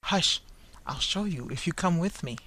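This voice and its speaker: A narrator playing a grave man who speaks in hushed, urgent tones. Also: medium pitch, animated, normal speed, slight background noise. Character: grave pale-faced man with bad news.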